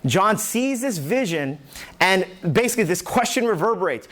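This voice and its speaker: A man preaching a sermon as pastor, animated, acting out the voices in the scripture he tells. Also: high voice, normal speed. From New York.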